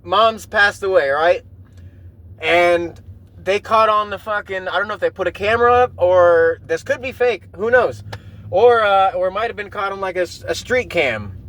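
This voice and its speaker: Man, high-pitched, rambling, profane, emotional, recorded in a car while driving. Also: animated, moderate pace, a bit bright. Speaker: podcast host. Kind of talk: rambling casual monologue.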